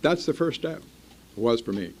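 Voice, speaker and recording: A man's voice: mid-range voice, sing-song, normal speed, darkish tone, a little hiss or hum. An older man from Iowa telling his own story to a meeting in a blunt, wry, self-mocking way. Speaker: speaker at a recovery meeting. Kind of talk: personal storytelling talk.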